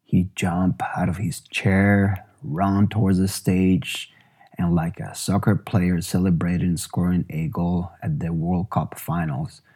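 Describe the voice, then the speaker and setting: A man, a musician, narrating his own memoir in a measured, reflective way. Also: deep voice, flat delivery, warm tone, breathy edge.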